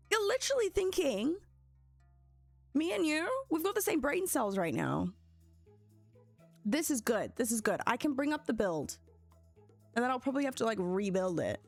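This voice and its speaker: A young woman chatting excitedly with her viewers while streaming a building game. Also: on the high side. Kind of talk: casual live-stream commentary.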